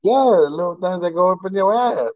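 A man's voice: high voice, expressive, brisk, darkish tone, no room sound. A man, a laid-back podcast guest who chats casually and laughs often. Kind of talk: casual chat. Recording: dull, dry lo-fi recording.

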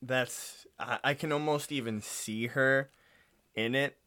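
A man's voice: medium pitch, fairly even intonation, slow, pushed and bright. A man co-hosting a podcast, reacting in casual chat, rambling with many "like"s and enthusiastic asides. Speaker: podcast co-host.

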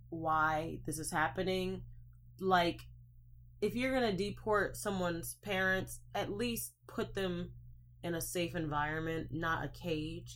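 A woman's voice: lowish voice, a bit bright, a little hiss or hum. A woman hosting a casual podcast, talking through her opinions in an easygoing conversational way. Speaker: podcast host.

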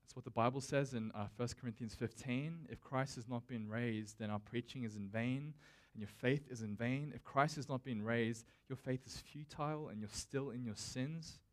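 A man's voice: mid-range voice, moderate pace, hardly any pauses. Man preaching a casual, conversational sermon. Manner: speaks directly to the congregation. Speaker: pastor.

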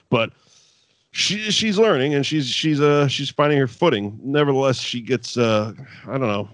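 On a podcast, a man casually recaps an old wrestling show with his co-host, animated, laughing often and swearing freely. His voice is medium-pitched on a dry recording.

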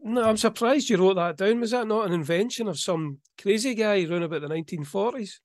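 A middle-aged man chatting as a podcast co-host. His voice sits a little high and bright, and his delivery is relaxed and wry, with a touch of self-mockery. The sound is close and dry, with no room in it. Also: brisk, no room sound. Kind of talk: casual chat.

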